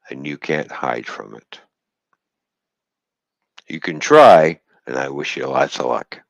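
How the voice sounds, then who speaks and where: Stream host, deep male voice, bitter profane rant, dry and muffled recording. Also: gravelly, no room sound. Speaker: livestream host. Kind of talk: angry livestream rant.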